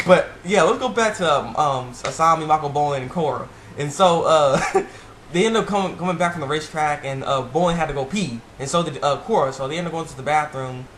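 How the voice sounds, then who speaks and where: A man casually recapping a TV episode, rambling and excitable, with lots of fillers and restarts. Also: on the high side, a little fast. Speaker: TV episode reviewer. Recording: echoey room with faint background noise.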